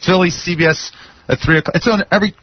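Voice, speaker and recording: A man who is a relationship expert, coaxing and animated as a radio guest. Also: high-pitched, quick pace. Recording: dull lo-fi radio broadcast.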